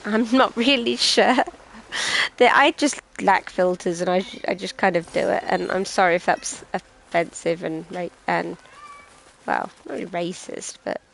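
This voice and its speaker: A woman's voice: on the low side, fairly even intonation, measured pace, vocal fry, a bit bright, slight background noise, poor audio. A British woman chatting and rambling casually as she streams a video game, often poking fun at herself. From Britain. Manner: chatty, rambling and self-mocking. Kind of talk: casual gameplay commentary.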